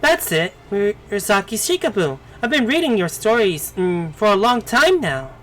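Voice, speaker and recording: A man reading the lines of a polite, cautious female court lady, slowly and with frequent humming pauses. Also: high-pitched, sing-song, fairly bright tone, rough recording. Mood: courteous. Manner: reads slowly with frequent hums.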